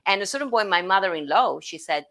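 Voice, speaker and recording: Bright-voiced Italian woman hosting. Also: medium pitch. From Italy. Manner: animated, halting with many restarts. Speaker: host. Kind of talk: casual live-stream chat. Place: home.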